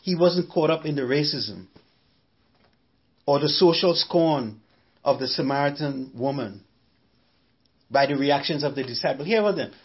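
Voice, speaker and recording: High-voiced man preaching emphatically. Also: lively intonation, a little slow, long pauses, dull audio. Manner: emphatic, repeats phrases, rhetorical questions. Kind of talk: sermon.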